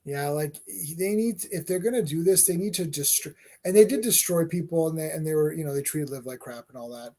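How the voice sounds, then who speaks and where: Male co-host, casual, rambling, restarts a lot, voice on the high side. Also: mellow. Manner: rambling, halting, repeats words. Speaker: podcast co-host. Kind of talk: casual chat reviewing wrestling.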